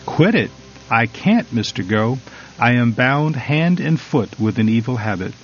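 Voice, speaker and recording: A man's voice: medium pitch, animated, unhurried, natural voice. A man voicing a despairing young man bound by a bad habit, weary and doubting. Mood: weary bitter. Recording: slightly dull recording, faint music.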